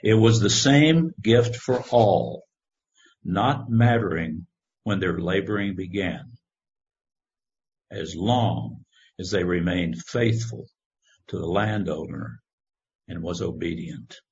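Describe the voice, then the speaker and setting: Slow, low-voiced man preaching. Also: a little mellow, a little hiss or hum. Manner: slow, measured scripture reading. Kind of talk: sermon. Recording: dull lo-fi recording.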